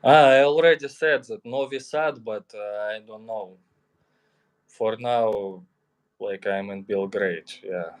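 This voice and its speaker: A man's voice: lowish voice, slow. A man streaming in a casual chat, hesitant and full of fillers. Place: in Serbia.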